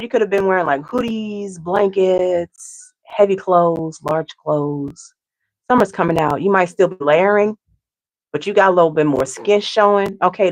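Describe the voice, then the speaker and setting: A woman giving a casual tarot reading to her viewers, chatty and repetitive, often asking "okay?". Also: medium pitch. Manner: chatty, tags lines with "okay?", repeats herself. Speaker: tarot reader.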